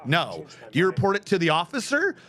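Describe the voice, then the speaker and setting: High-voiced man ranting bluntly. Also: huge pitch swings, a little fast, bright, forceful tone. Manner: profane, blunt, explains step by step. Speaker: game streamer. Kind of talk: casual rambling rant.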